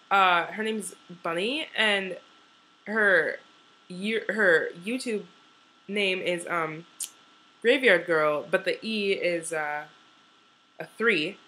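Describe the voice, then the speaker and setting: A woman's voice: mid-range voice, bright, forceful tone, rough recording. A young woman chatting casually to her camera at home, rambling and giggly with lots of fillers. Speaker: vlogger.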